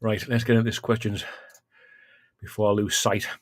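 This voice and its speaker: A man's voice: on the low side, little pitch movement, moderate pace. A man hosting a casual livestream, chatting between coughs, sighs and exclamations as he eats hot chilli. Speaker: livestream host.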